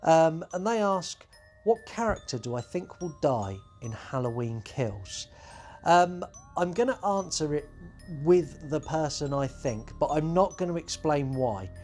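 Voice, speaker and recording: A chatty man hosts his podcast, his voice pitched a little high for a man. He rambles along with plenty of ums and uhs, and soft music plays faintly behind him. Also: expressive, unhurried. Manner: chatty, rambling, many fillers. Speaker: podcast host. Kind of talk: casual podcast monologue.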